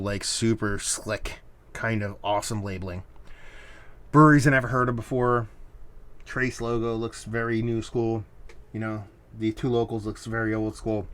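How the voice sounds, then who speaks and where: A man talking through a beer review in a loose, casual way. He rambles, circles back, and leans heavily on fillers like "kind of" and "like." His pitch sits right in the ordinary middle for a man. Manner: rambling, hedging with lots of fillers.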